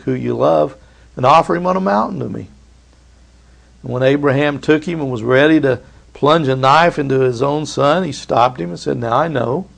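A man's voice: medium pitch, creaky. A man preaching a sermon, reading scripture and acting out the voices of biblical figures.

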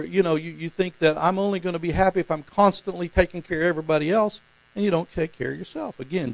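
A pastor with a gravel-edged, slightly high voice delivers an informal, chatty sermon, often turning to his listeners with questions. He sounds close and dry, with little room sound around him. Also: dry recording, rough recording. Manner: informal, asks the congregation questions. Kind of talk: conversational sermon.

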